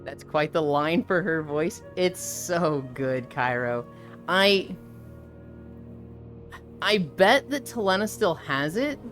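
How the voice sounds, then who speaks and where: A young woman streaming live and chatting casually, retelling an anime with lively, profane commentary and acted quotes. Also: sits low, slow, long pauses, soft background music.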